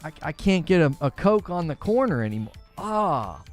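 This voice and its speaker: A man's voice: a little high, big pitch swings, moderate pace, faint music behind. A man hosting a talk show, giving argumentative and sarcastic commentary and laughing at his own points. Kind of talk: opinionated commentary.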